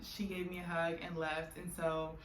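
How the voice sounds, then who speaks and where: A woman's voice: lowish voice, level tone, normal speed. Candid woman telling an emotional story. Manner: candid, emotional, laughs often, many fillers. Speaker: vlogger. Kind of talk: personal storytelling vlog. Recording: echoey room with faint background noise.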